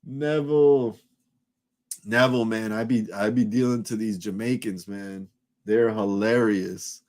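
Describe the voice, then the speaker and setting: A man with a fairly low voice chats loosely on a live stream. He curses freely and rambles, often breaking off and restarting his sentences. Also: steady tone, moderate pace. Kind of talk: casual live-stream chat.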